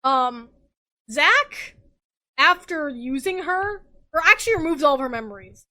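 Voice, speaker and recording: A woman's voice: high voice, lively intonation, measured pace, bright, forceful tone, low-quality recording. A tipsy woman hosting a casual comic podcast, telling a story animatedly with lots of swearing and laughter. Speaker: podcast host.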